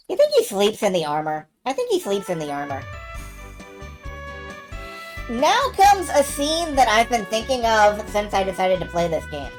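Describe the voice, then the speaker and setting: A woman's voice: medium pitch, sing-song, normal speed, soft background music. A woman chatting casually and swearing offhandedly while live-streaming a game.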